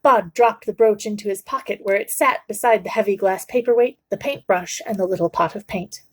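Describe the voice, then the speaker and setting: A woman reading a children's novel aloud for a book club, in a steady, measured storytelling voice. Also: medium pitch.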